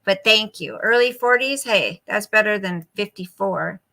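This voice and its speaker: A woman's voice: medium pitch, measured pace, vocal fry, bright, forceful tone. A woman in her fifties hosting a casual late-night live chat, reading viewer comments aloud and answering them. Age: 50s. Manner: coos baby talk to her dog.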